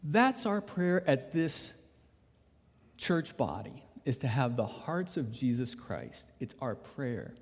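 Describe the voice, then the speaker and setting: A man's voice: mid-range voice, sing-song, slow, husky. A man preaching a sermon as a pastor, telling a personal story in an earnest, emphatic way. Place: church sanctuary. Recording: reverberant church hall.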